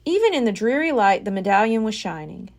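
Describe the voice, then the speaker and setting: A woman reading a children's chapter book aloud as a library storyteller, expressive and unhurried. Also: medium pitch.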